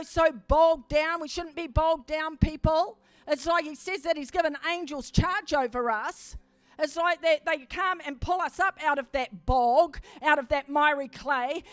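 A woman preacher telling a story in a sermon, building to emphatic, forceful swells as she preaches. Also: high voice, fairly even intonation, a little slow, dry recording.

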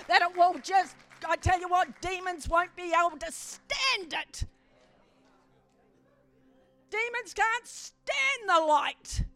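A woman preacher telling a story in a sermon, building to emphatic, forceful swells as she preaches. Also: very high-pitched.

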